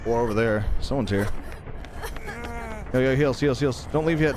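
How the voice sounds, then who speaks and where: A man livestreaming a game, chatting casually with excitable, profane, rambling banter and yelling at teammates. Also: mid-range voice, moderate pace, long pauses. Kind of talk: live gameplay commentary.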